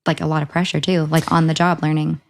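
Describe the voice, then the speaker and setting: A woman's voice: low voice, level tone, quick pace, creaky. A young woman hosting a podcast, chatting casually in a bubbly way, laughing often and heaping praise on her guest. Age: young adult. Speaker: podcast host. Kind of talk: casual chat.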